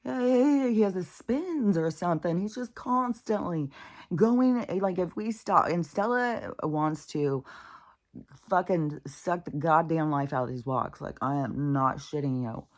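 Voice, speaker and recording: Low-voiced woman rambling with heavy swearing. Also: animated, a little slow. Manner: profane, candid, rambling, with sudden whispered asides. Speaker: vlogger. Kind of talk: casual rambling monologue.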